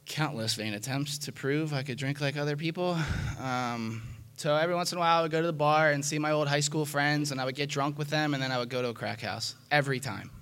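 A man's voice: a little high, fairly even intonation, quick pace, few pauses, a bit bright, clean tone. A man giving a candid personal testimony about his past, rambling and confessional, full of fillers and restarts, frank and self-mocking. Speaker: speaker sharing his recovery story.

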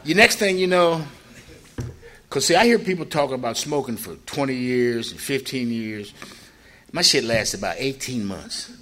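An older man from Ohio telling his own story in a loose, rambling way, jumping his voice up high when he acts out what people said. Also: normal speed. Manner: animated, acts out quoted people with a raised voice; loose, rambling with frequent "you know" asides. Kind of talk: personal storytelling.

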